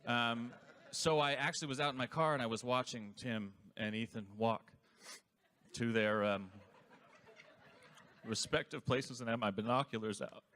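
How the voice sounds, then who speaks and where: At a reunion convention panel, a cast member with a medium-pitched, fairly bright voice tells a funny story at a moderate pace. Jokey and easily sidetracked, he rambles, loses his thread, and switches to another tale.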